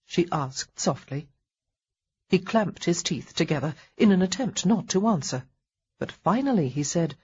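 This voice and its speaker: A woman narrating an audiobook in a wry, expressive storytelling manner. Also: on the low side, normal speed, breathy edge, dull audio. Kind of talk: scripted narration.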